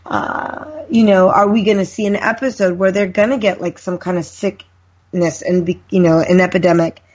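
Chatty female podcast guest, slightly husky, muffled lo-fi sound. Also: on the low side, fairly even intonation, normal speed. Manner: chatty, warm storyteller. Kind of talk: casual podcast chat. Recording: muffled lo-fi call.

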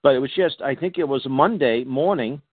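This is a Boston-raised man hosting a talk radio show, rambling through his announcements with plenty of fillers and restarts. His voice sits in a middle pitch. The sound is dry and narrow, like a phone line. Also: brisk, no echo. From Boston, USA.

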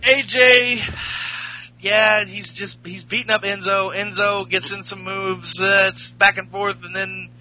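A man's voice: sits high, steady tone, a little slow, bright, forceful tone, a little hiss or hum, low-quality recording. A man hosting a podcast, recapping a show in a rambling, profane, casual way. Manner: rambling, profane, laughing storyteller. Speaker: podcast host.

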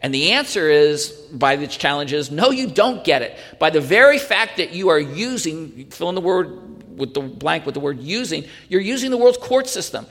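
Male pastor, slightly high voice, earnest sermon full of rhetorical questions, recorded with a long hall echo. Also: sing-song, normal speed, few pauses, a bit bright.

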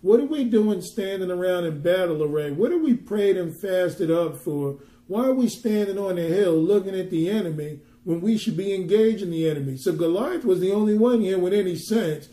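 A man's voice: high voice, animated, moderate pace, hardly any pauses, mellow, roomy sound. A man ministering, teaching a Bible passage conversationally and pressing his points with emphatic rhetorical questions.

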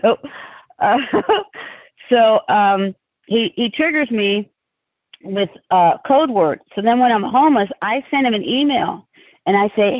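A woman speaks as a podcast guest and drifts from one tangent to the next in loose, animated storytelling. Her voice sits close and dry on a slightly dull, lo-fi recording. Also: fairly high pitch, slow pace, no echo. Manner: rambling, animated, digressive storytelling.

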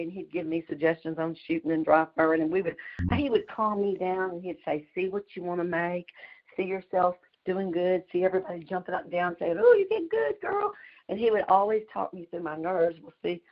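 A middle-aged woman, chatting fast and laughing through a story on a group call. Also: fairly low pitch. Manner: fast-talking, chatty, laughs mid-sentence. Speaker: community call participant. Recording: dull lo-fi call audio.

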